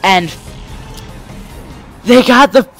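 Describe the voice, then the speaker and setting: A young man hosting a let's play rambles through a story over gameplay, animatedly acting out the people in it. His high voice draws out words, and faint music plays behind him.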